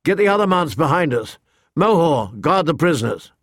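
A man's voice: medium pitch, animated, a little slow, no echo, studio quality. Man voicing a stern cold noblewoman. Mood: commanding. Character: proud cold noblewoman, commanding.

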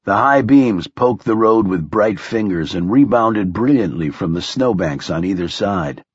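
A man narrating an audiobook in measured, even storytelling, close to the mic. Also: fairly low pitch, breathy edge, dry recording, dull audio. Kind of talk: scripted narration.

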